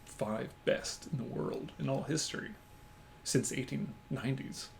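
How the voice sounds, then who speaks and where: A man co-hosting a casual movie-watching chat, with enthusiastic, quick banter. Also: medium pitch, vocal fry, slight background noise. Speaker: co-host.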